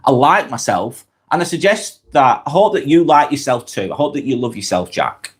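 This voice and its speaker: At a normal speed and in an expressive mid-range voice, a live vlog host from Lancashire, northwest England, talks through a cold. He's chatty, reading out comments from viewers and responding to them directly.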